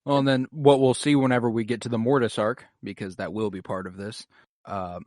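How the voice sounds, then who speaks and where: A young man co-hosting a fan podcast, eager and lively as he talks through favorite scenes. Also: medium pitch, brisk, dry recording, studio quality. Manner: enthusiastic, animated when quoting scenes. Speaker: podcast co-host. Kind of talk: casual fan podcast chat.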